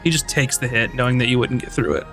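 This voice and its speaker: A man narrating as game master in a tabletop game, in a relaxed, chatty way with many fillers. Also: mid-range voice, quick pace, faint music behind.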